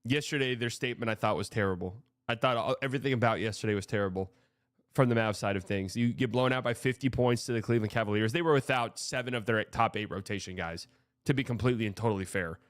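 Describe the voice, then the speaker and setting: A man's voice: fairly low pitch, fast talker, no room sound, clean studio sound. A man hosting a live stream, talking through sports news in a frank, rambling way, swearing often and restarting sentences. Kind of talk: casual live-stream commentary.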